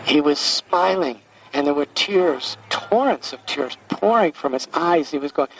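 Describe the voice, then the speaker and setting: A man in his sixties from the United States, a spiritual teacher telling a devotional story in a gentle, halting way, often repeating words as he recalls. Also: on the high side, expressive. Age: 60s. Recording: distant mic with faint background hiss.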